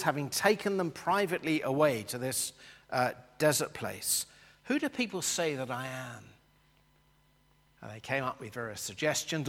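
Guy teaching a bible class, slightly high voice, slow and patient, hall reverb. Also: a bit bright. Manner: unhurried, explanatory, sketching a map as he talks.

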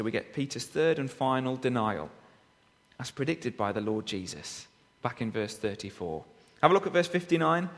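A man's voice: medium pitch, fairly bright tone. A man preaching a sermon, reading and expounding scripture with frequent rhetorical tag questions. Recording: long reverb of a hall.

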